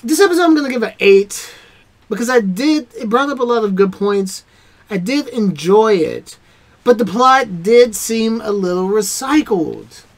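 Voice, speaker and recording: Man, high voice, casual spoken review, rambling, hesitant, lots of fillers. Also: expressive, unhurried. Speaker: reaction video host.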